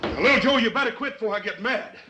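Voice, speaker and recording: A hungry, folksy young rancher. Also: male voice, high-pitched, expressive, quick pace, pushed and bright, a little hiss or hum. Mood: firm. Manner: folksy drawl, easygoing. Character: big-hearted, always hungry young rancher. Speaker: ranch son. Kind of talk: 1950s TV western acting.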